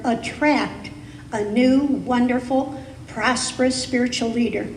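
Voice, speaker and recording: A woman preaching as a guest speaker, her voice sitting a little high and moving very slowly through each emphatic phrase. The sound carries the long, roomy echo of a sanctuary hall, with a faint hiss beneath it. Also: darkish tone. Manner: slow, deliberate, emphatic phrasing. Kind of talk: sermon. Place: spiritual center sanctuary. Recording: echoey hall, live stream.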